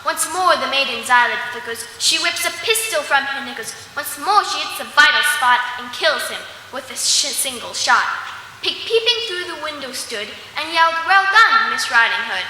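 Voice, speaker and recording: A woman reciting a comic poem at a poetry slam, lively and theatrical, in an echoey hall. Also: sits high, normal speed, a little hiss or hum.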